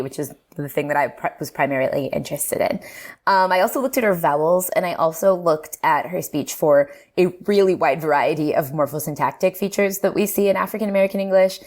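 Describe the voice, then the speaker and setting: A woman linguist explaining in a casual, animated way, laughing often. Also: lowish voice. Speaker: linguist guest. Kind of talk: casual explanatory podcast talk.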